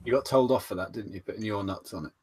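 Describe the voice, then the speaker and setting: A man's voice: on the low side, fast, darkish tone, breathy edge. A man co-hosting a casual chat show, teasing the host with dry banter. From England.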